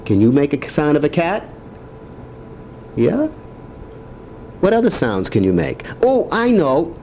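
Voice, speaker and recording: An older man speaks as a grandfather to a little child, playful and animated. His voice sits a little high and swings widely up and down. He takes his time, with long unhurried pauses. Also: slight background noise. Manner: animated, makes animal noises.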